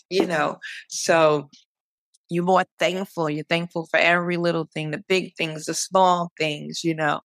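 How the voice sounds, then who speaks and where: A woman's voice: low voice, a little slow, no room sound. A young woman, a guest on an interview podcast, talking earnestly and encouragingly with many repetitions. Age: young adult. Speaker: guest, cancer survivor. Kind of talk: conversational interview.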